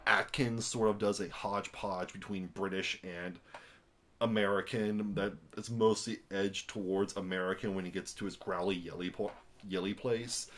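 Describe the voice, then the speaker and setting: A young man giving a casual spoken film review, rambling and animated, with many fillers and restarts. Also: lowish voice.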